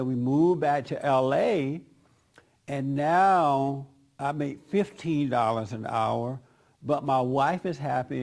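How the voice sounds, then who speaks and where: A man's voice: mid-range voice, a little mellow. A man pastor telling a story in a sermon, retelling a conversation and acting out both sides. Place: church service.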